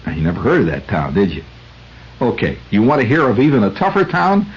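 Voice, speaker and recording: A man's voice: on the low side, wildly swooping pitch, fairly quick, breathy edge, muffled recording. An American man hosting a radio show, telling a rambling story in a conversational way with many fillers, on a 1970s radio recording. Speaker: radio host. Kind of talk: storytelling monologue.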